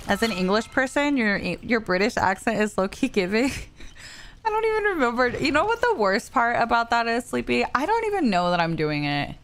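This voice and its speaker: A woman's voice: fairly high pitch, sing-song, fairly quick, hardly any pauses. A young woman streaming a game, chatting casually with viewers and humming little vocal stims between thoughts. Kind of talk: casual gameplay chat while answering viewers.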